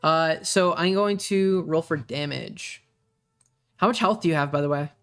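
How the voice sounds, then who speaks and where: A young man runs a tabletop game, narrating in a fairly high voice with frequent ums and uhs. Faint music plays behind him. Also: fairly bright tone, clear, resonant tone. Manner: halting, many ums and uhs. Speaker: game master.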